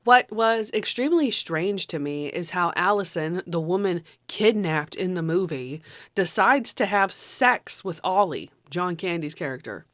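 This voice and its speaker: A woman's voice: fairly low pitch, lively intonation, a little slow, a bit bright, dry recording, clean studio sound. A woman giving a casual spoken movie review, blunt and sarcastic, swearing freely.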